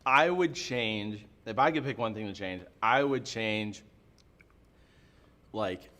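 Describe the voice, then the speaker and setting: A man's voice: lowish voice, slow pace. A young adult man, a youth pastor, laughing and joking through a casual hot-wing question game. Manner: laughs often, animated and joking.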